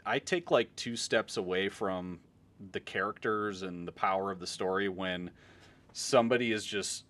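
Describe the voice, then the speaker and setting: A man's voice: low-pitched, moderate pace, a bit bright. A man co-hosting a casual podcast, ranting with swings in energy and casual swearing. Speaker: podcast co-host. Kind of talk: casual chat.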